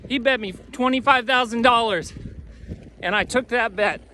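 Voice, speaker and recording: A man's voice: very high-pitched, normal speed, pushed and bright, slight background noise. A man voicing a rueful male lawyer in a told joke, resigned in tone.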